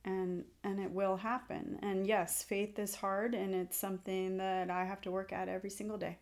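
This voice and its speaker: A woman's voice: mid-range voice, flat delivery, normal speed, darkish tone. Earnest woman telling a rambling story. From California. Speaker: podcast guest. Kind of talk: faith podcast conversation.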